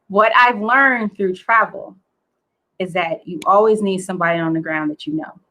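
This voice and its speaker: Chatty, excitable woman. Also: medium pitch, low-quality recording. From United States. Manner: excitable, chatty, many fillers. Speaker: guest. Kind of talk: casual storytelling.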